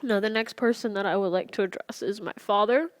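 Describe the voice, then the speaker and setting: A young woman speaking in a personal confessional vlog, halting and emotional, recorded close in a dry room. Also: medium pitch, dry recording. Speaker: vlogger.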